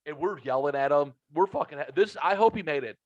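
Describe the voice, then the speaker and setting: Brief: middle-aged male podcast host, swears freely, animated storyteller, dry dull lo-fi sound. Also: fairly high pitch, a little fast, dry recording. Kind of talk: casual storytelling chat. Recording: dull lo-fi audio.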